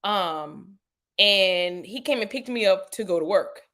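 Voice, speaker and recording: A woman, a podcast guest telling a personal story in a lively way, acting out quotes with sudden jumps in pitch and using lots of "you know" and "like". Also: unhurried. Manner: animated retelling, acts out quotes with sharp pitch jumps; frequent "you know" and "like" fillers.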